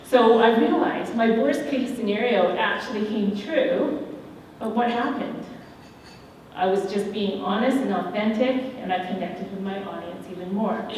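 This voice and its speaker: A middle-aged woman giving a keynote speech, telling a personal story with candid, animated delivery and quoted dialogue, speaking into a handheld microphone. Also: mid-range voice, slight background noise. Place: large hotel event hall. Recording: distant, echoey hall recording with faint ambience.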